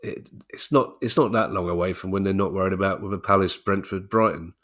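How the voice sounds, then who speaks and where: A man's voice: low-pitched, steady tone, brisk, fairly bright tone. A man co-hosting a podcast in casual chat, chatty and jokey with frequent restarts. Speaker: podcast co-host.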